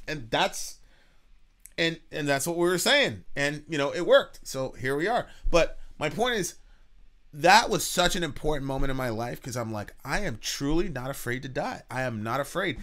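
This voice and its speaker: A man's voice: on the high side, expressive, fairly bright tone. Regular guy talking on a reaction show, kinda stumbly and earnest, swears casually. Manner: halting, repeats words, casual swearing; earnest and reflective. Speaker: podcast co-host, father.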